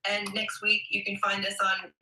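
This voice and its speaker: Woman guest, friendly promo talk, very bright tone, roomy echo on the line. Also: medium pitch, monotone, moderate pace. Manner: friendly, promotional, signs off warmly. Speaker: co-host promoting a retreat. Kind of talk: casual livestream chat.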